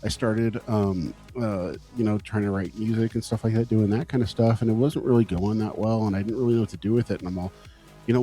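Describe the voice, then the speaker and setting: A man's voice: lowish voice, steady tone, quick pace, mellow, faint music behind. A man from California, a guest musician in a casual interview, who tells laid-back stories, swears freely and acts out his own past thoughts.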